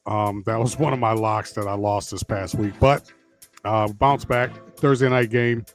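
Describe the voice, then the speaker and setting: A man's voice: fairly low pitch, steady tone, a little slow, soft background music. A man co-hosting a sports podcast, giving his picks in a rambling, easygoing way with lots of fillers. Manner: rambling, many fillers and restarts. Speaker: podcast co-host. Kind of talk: casual sports talk.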